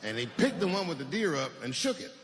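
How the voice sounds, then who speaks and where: A man doing stand-up on stage, telling stories in an animated, punchy way into a handheld mic. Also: a little high, fast talker, heavy background noise. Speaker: stand-up comedian. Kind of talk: stand-up comedy. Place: stage in front of a crowd. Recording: long hall reverb.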